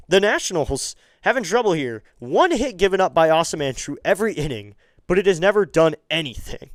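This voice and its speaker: In clean, echo-free studio sound, a male fan streamer delivers amateur baseball play-by-play. Whenever a play unfolds his voice climbs sharply in pitch and loudness, and between the action he chats casually with viewers.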